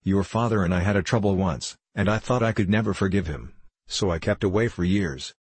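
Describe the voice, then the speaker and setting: A man's voice: low voice, brisk, slightly rough, dry recording. Man reading as a hearty, kindly doctor uncle. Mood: tender. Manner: warm, hearty, occasionally bursting out. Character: kindly middle-aged male doctor uncle, hearty and tender. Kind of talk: audiobook character reading.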